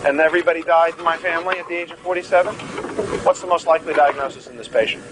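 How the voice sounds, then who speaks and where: A man's voice: on the high side, steady tone, rapid-fire, noisy background. A man giving a live medical lecture, joking and theatrical as he quizzes the class.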